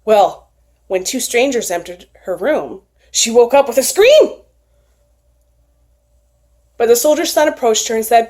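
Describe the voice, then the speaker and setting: A woman retelling a folktale aloud in an expressive, animated storytelling manner. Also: on the high side, a little slow, long pauses.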